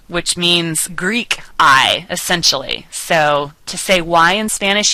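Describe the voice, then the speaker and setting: Bright-voiced woman teaching a lesson. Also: lowish voice, no echo, low-quality recording. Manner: patient, explanatory, slows to enunciate example words. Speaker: Spanish teacher. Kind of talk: recorded classroom lecture.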